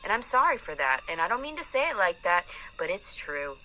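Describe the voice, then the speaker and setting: A woman's voice: on the low side, big pitch swings, a little fast, bright, forceful tone, slight background noise, low-quality recording. A woman in an angry, profane rant, taunting and aggressive, swearing constantly. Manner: mocking sing-song put-on voices.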